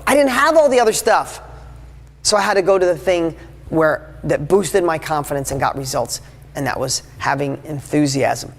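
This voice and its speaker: A man's voice: a little high, animated, moderate pace, gravelly. A man in his fifties giving a live motivational talk to an audience, speaking in an enthusiastic, emphatic and conversational way. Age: 50s. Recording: long hall reverb.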